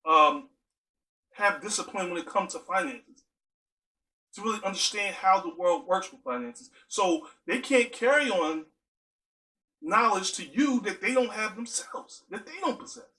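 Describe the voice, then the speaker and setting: A man's voice: sits high, animated, measured pace, sharp tone, low-quality recording. A man giving an earnest spoken monologue, driving his points home with strings of rhetorical questions.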